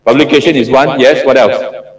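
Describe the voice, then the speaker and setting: A middle-aged professor from Singapore talks about PhD supervision in an interactive classroom lecture, his medium-pitched voice fairly even in intonation and moderate in pace. He often asks the audience questions and repeats things for emphasis. He's far from the mic, and the lecture hall echoes.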